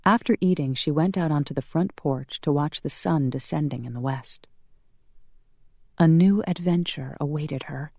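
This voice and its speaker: An audiobook narrator reading a romance in a measured, calm manner. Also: medium pitch, gravelly, no room sound, studio quality. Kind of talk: scripted narration.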